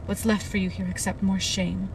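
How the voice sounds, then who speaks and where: A woman's voice: medium pitch, level tone, moderate pace, recorded from a distance, background noise, lightly acted. A woman voicing a cruel, cold, scheming noble father who taunts his son in a storybook reading. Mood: contemptuous. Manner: taunting, contemptuous.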